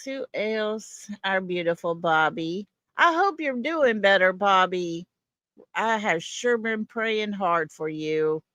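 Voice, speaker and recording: A woman's voice: medium pitch, fairly bright tone, dry recording. A woman hosting a livestream, greeting viewers one by one in a folksy way. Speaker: livestream host. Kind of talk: casual livestream chat.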